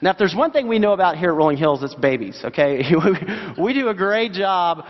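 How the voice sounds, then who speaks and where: A man's voice: sits high, lively intonation, brisk. A man preaching a sermon as pastor, earnest and asking his listeners direct questions. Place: church sanctuary. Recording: dull sound, long hall reverb.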